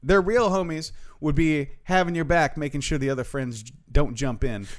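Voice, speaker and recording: A man's voice: fairly high pitch, moderate pace. A man co-hosting a podcast, telling stories in casual chat and swearing a lot. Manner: animated storytelling, heavy swearing. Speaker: podcast co-host.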